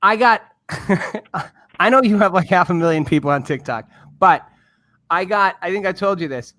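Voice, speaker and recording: An older man hosts a talk show with a bright, forceful, fairly high voice. He jokes with his guests and encourages them in a friendly way. The sound is close and dry. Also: moderate pace, no room sound. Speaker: host. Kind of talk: casual talk show hosting.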